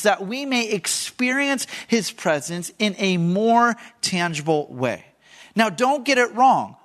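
A man's voice: high-pitched, a bit bright. A middle-aged man preaching a sermon as a pastor from a church stage, teaching and putting questions to the congregation.

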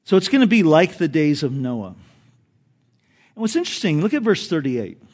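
Brief: high-pitched male pastor, lively preaching, storytelling. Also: moderate pace. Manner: animated, storytelling with jokes. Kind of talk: sermon.

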